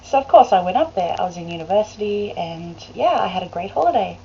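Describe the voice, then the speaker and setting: Quick-paced and expressive, this Australian woman has a warm, medium-pitched voice. She is a vlogger rambling casually to her webcam and laughing often. The webcam recording sounds dull and lo-fi, with a faint hiss.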